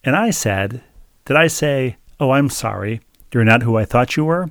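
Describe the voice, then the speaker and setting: A man's voice: mid-range voice, expressive, normal speed, fairly bright tone, no echo, studio quality. A man co-hosting a casual chat show, telling stories in a wry, self-mocking way. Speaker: podcast co-host.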